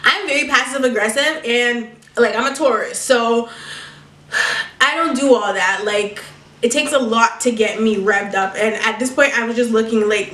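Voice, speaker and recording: A woman's voice: on the high side, normal speed, sharp tone, distant mic. A young woman vlogger telling a story with sass, profanity and laughter, recorded at home. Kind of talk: storytime vlog. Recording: echoey room, mic set back.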